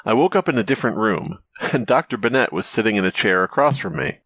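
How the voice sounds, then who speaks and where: Guy on a comedy podcast reading a creepy story, pitch jumping all over, dead dry mic, keeps cracking jokes. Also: lively intonation, quick pace, fairly bright tone, dry recording. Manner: joking, laughs often, slips into mocking voices.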